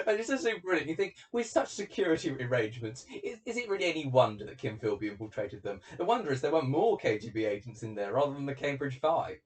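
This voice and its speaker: A man hosting a relaxed commentary, chatty and animated with plenty of asides. His voice sits at middling pitch and sounds a little distant from the mic. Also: quick pace, few pauses. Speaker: host. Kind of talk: casual commentary.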